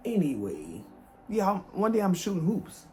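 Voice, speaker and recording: A man's voice: high-pitched, moderate pace, a little hiss or hum. Slangy young man telling a storytime tale. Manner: animated, casual slangy storytelling. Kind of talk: storytime vlog.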